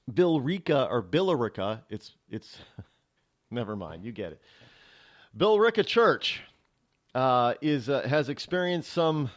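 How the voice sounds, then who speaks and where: A man hosting a talk show, delivering a rambling, sarcastic opinion monologue with many restarts. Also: on the high side. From New England.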